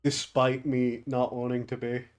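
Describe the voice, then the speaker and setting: A man's voice: mid-range voice, level tone, measured pace, clean tone. A male streamer chatting casually during a game stream and joking at his own expense. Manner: self-mocking, joking. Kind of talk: casual livestream commentary.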